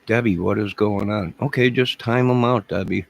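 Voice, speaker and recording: A man's voice: lowish voice, moderate pace, creaky, poor audio. A man hosting a YouTube live stream, answering viewer comments in a rambling, crude and mocking way. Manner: combative, crude, mocking and sarcastic.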